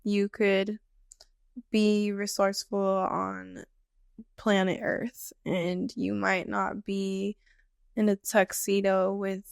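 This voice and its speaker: A woman's voice: mid-range voice, flat delivery, slow pace, vocal fry, clear, resonant tone, no room sound, studio quality. A woman co-hosting a podcast, chatting casually in a laid-back, drawling way. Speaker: podcast co-host.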